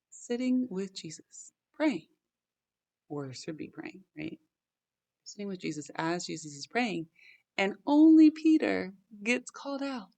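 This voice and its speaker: A woman hosting a casual Bible chat, reading scripture aloud and then talking through it in an excited, wondering way with lots of "like" and "right?". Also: low voice, creaky.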